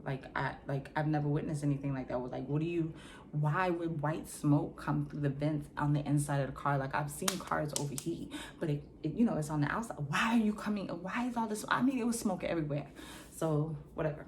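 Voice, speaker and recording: A woman vlogger telling a story in a casual, slangy, animated way, acting out scenes with sound effects. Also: deep voice, brisk, a little hiss or hum.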